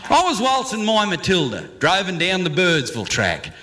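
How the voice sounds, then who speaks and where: A man's voice: sits high, wildly swooping pitch, moderate pace, sharp tone. A man with an Australian accent reciting comic slang verse in a rollicking, theatrical way.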